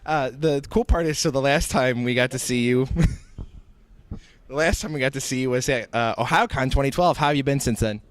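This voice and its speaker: A man's voice: mid-range voice, normal speed. A man interviewing a guest at a convention, friendly and a little hesitant.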